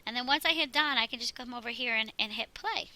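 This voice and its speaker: Lady teacher doing a chatty screen tutorial, really bright voice, explains each step. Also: on the high side, fast, low-quality recording. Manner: chatty, walks through steps.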